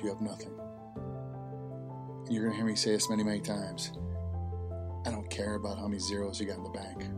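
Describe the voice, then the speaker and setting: A man hosting a health talk, telling a personal story in a conversational way and repeating key phrases for emphasis. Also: on the low side. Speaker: host.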